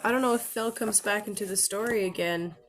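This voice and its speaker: A woman's voice: medium pitch, fairly quick. A woman from Canada, chatting playfully and giggling on a podcast. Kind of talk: casual chat.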